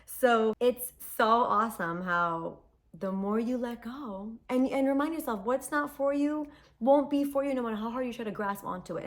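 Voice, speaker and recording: A woman talking casually to camera from a quiet room at home. She speaks earnestly, with animated, heartfelt emphasis. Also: fairly high pitch, moderate pace. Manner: earnest and animated, acts out quoted dialogue. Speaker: self-development vlogger. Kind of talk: casual personal talk to camera. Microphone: phone. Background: dog and traffic sounds at times.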